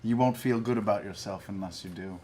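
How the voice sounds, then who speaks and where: Deadpan man playing a tabletop game. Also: on the low side, a little fast, slight background noise. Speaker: player.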